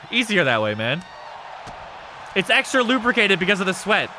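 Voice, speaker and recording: Male streamer, high voice, very bright and sharp, excitable and crude. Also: normal speed, slight background noise. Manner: excitable, crude and joking, yelps at big moves. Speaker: streamer hosting a wrestling game show. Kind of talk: casual live-stream commentary.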